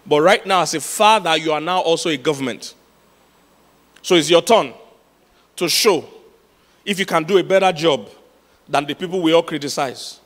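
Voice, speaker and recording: A man's voice: fairly high pitch, moderate pace, pauses often, a bit bright. A man preaching a sermon as pastor, telling stories with laughs and repeating his key points for emphasis. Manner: storytelling with laughs, emphatic repetition. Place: large church hall. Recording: long hall reverb.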